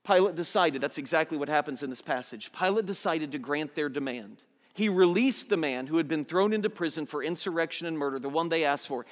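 High-voiced man preaching in a reverberant hall. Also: a little fast. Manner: swings from soft, low lines to loud, urgent ones. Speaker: pastor. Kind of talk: sermon.

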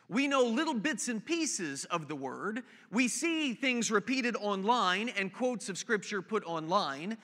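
A man's voice: high-pitched, pushed and bright. A man preaching a sermon as pastor, conversational and storytelling, with asides to the congregation. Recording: hall reverb.

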